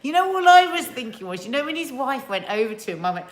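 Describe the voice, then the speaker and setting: A woman's voice: sits high, very animated, fast, roomy sound. A middle-aged woman co-hosting a casual live chat about a TV drama, blunt and outspoken, laughing often. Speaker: co-host of a live review show.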